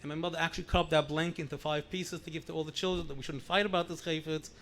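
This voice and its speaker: A middle-aged man, a rabbi, telling family stories in a lively anecdotal way, repeating words for emphasis. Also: fairly high pitch, racing. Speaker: rabbi sharing memories at a gathering. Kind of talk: storytelling speech.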